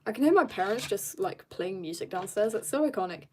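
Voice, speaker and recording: Drawing live from an upstairs room in her home, this South African art streamer reads out viewers' comments and replies in a relaxed, chatty way. She speaks briskly in an expressive, mellow mid-range voice, with slight hiss or hum behind her.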